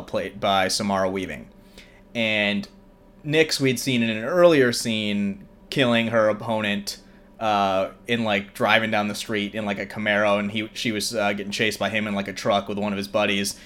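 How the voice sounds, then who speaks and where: A man's voice: fairly low pitch, fairly bright tone. A young man hosting a show, casually recapping a film in a rambling way with many fillers. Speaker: host.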